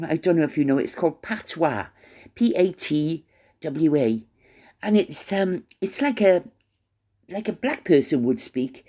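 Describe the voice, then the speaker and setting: Brief: low, mellow-voiced woman ranting scornfully, lots of stumbling restarts. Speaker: commentary vlogger. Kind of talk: opinionated monologue.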